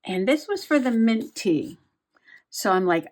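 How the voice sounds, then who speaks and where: A woman's voice: a little high, animated, measured pace, darkish tone. A middle-aged woman chatting casually to herself while journaling and crafting, giggling often as she goes. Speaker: journaling vlogger.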